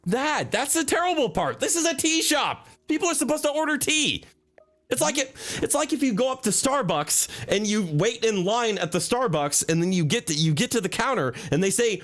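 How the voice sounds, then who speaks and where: A man's voice: very high voice, very animated, moderate pace, a bit bright. A young adult man streaming a game, ranting in casual, profane commentary.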